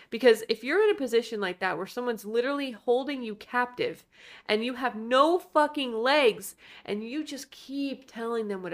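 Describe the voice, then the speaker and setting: A woman co-hosting a movie podcast in casual chat, talking bluntly and emphatically and swearing freely. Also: fairly high pitch. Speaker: podcast co-host.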